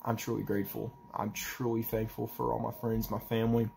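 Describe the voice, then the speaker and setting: A young man talking in a personal vlog, halting and emotional as he tries not to cry, with a faint hiss behind him. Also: fairly low pitch, monotone, creaky, darkish tone. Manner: halting, emotional, restarts often. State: holding back tears. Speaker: vlogger.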